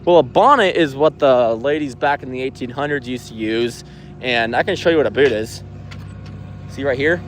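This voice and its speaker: A man's voice: mid-range voice, normal speed, a little hiss or hum. Laid-back young man livestreaming outdoors. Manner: laid-back, slangy, reads comments aloud. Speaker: livestream host reading chat. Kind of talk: casual livestream chat. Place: outdoors at night on a work site.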